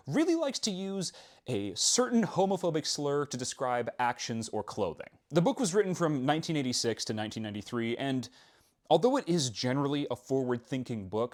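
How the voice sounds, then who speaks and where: A young man hosting a casual book-review video, speaking in a wry, self-deprecating and expressive way. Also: mid-range voice.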